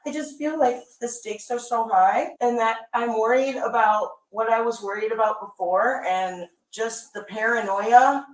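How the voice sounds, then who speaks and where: A woman's voice: a little high, a little slow, hardly any pauses. Anxious woman on roomy bodycam audio. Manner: anxious, pleading, shouts in protest. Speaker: person in police custody. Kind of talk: distressed conversation with police.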